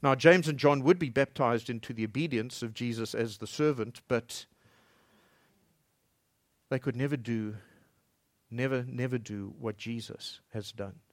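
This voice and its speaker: A man preaching a sermon as pastor in a church, swinging between loud emphatic lines and soft low passages. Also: measured pace, dry recording, studio quality.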